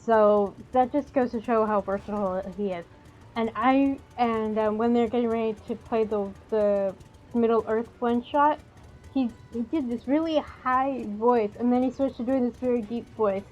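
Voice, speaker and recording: Woman streaming a game, rambly, lots of ums, slightly high, kinda dull lo-fi sound w/ faint hiss. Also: moderate pace, darkish tone. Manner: rambling, hesitant with frequent ums. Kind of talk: casual gameplay commentary.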